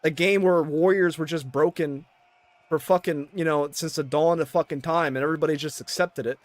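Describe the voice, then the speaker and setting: A man's voice: fairly high pitch, fairly even intonation, brisk, no room sound. A man ranting in casual chat, exasperated and swearing constantly.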